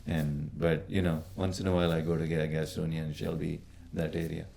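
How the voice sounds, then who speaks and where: A man with an Indian accent, a podcast guest talking casually, often pausing and restarting. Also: very deep voice, little pitch movement, creaky, mellow, slight background noise. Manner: hesitant, many restarts and fillers. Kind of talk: casual conversation.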